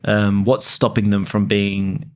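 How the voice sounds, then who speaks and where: A man's voice: fairly low pitch, little pitch movement, takes it slowly, smooth. A man co-hosting a podcast, giving casual motivational advice to real estate agents. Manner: motivational, peppered with "you know" and laughs.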